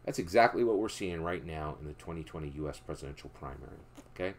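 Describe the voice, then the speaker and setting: A man's voice: animated, quick pace. A man from Philadelphia giving casual storytelling political commentary, emphatic and tagging sentences with "right?". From Philadelphia, USA. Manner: tags nearly every sentence with a questioning "right?"; emphatic, drops low and quiet for moral points.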